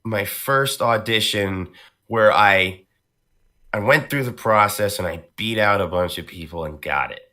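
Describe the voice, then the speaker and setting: A male voice actor chatting casually on a podcast, telling stories about his roles with animated energy and a touch of New York accent. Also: on the low side, a little slow. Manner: animated storyteller, slips into character voices.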